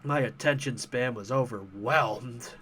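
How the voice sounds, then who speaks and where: A man's voice: medium pitch, unhurried, pushed and bright, a little hiss or hum. A man hosting a casual commentary show, ranting about online arguments in a profane, sarcastic, heated way. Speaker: host.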